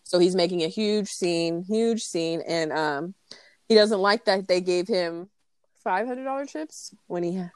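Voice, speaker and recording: A woman's voice: on the low side, a little slow, clear, resonant tone. A young woman co-hosting a podcast, retelling movie scenes with lots of laughter and swearing. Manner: laughing, animated quote retelling with heavy swearing. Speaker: podcast co-host. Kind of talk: casual chat.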